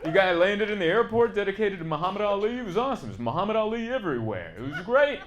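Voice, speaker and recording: A man doing a stand-up comedy set on stage, chatty and self-mocking, breaking into loud put-on bits. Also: sits high, sing-song, fast. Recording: live club audience noise.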